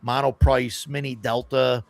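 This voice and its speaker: A man hosts a relaxed gaming chat with a voice of ordinary pitch. He tells stories in loose, rambling runs and laughs often as he talks. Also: measured pace, vocal fry. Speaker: podcast host. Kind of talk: casual chat.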